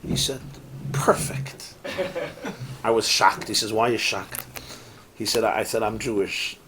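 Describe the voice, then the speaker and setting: A man, a rabbi, teaching a Torah class in a lively, sing-song lecture style, mixing in Hebrew and Yiddish phrases, asking rhetorical questions and cracking jokes. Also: fairly low pitch, moderate pace, slight background noise. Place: synagogue study hall, live class.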